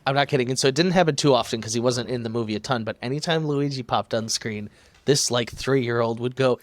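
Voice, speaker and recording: A man's voice: mid-range voice, fast, no echo. A man hosting a casual podcast chat, playful and enthusiastic.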